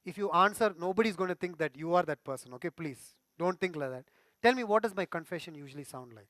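A pastor delivers a sermon in a fairly high male voice. He is earnest and keeps turning to the congregation with direct questions. The sound is dry, with little room echo. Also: animated, fast talker, a bit bright.

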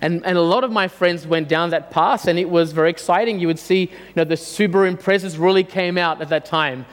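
Animated storyteller in his forties; bright high voice in a reverberant hall. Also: fairly quick. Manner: animated, self-mocking, many fillers. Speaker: speaker addressing an audience. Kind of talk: storytelling talk.

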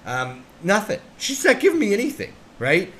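A man's voice: high voice, normal speed. A man co-hosting a casual podcast, telling a rant story with lots of swearing and acting out both sides of a conversation. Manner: profane, animated, acts out both sides of a conversation. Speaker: podcast co-host.

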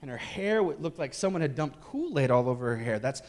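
A man's voice: mid-range voice, big pitch swings, fairly quick, a little mellow. A man in his thirties, a pastor telling a candid family story in a sermon with jokes and restarts. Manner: candid, joking, many restarts.

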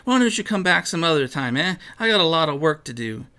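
A gruff, harried counterman behind a store counter, voiced by a man reading a storybook aloud. He sounds impatient and dismissive, in a bright, forward tone. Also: fairly high pitch, sing-song, quick pace.

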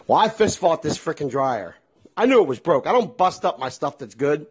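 A man's voice: fairly high pitch, very animated, moderate pace, breathy edge. A middle-aged man telling a casual, exasperated story with lots of swearing. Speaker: vlogger.

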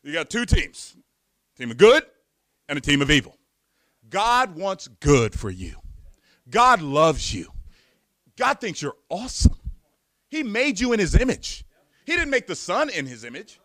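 A man's voice: sits high, big pitch swings, measured pace, long pauses, sharp tone, dry recording. A man preaching a sermon, emphatic, often repeating words and firing off rhetorical questions.

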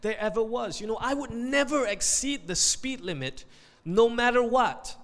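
A preacher doing a blustering indignant husband. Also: male voice, very high voice, expressive, normal speed, fairly bright tone, voice pushed up, full character voice. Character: indignant, self-righteous husband caught speeding. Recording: reverberant hall.

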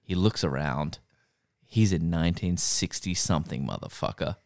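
A man's voice: sits low, moderate pace, no room sound, clean studio sound. A man co-hosting a casual podcast, recapping a TV show, swearing and acting out the characters' lines. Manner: animated, swearing, acts out quotes. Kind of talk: casual chat.

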